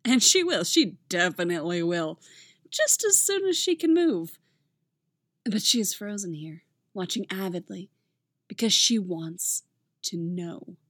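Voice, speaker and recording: A woman reading fan fiction aloud in a gentle, intimate storytelling manner. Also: lowish voice, animated, measured pace, no room sound, clean studio sound. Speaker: audiobook reader.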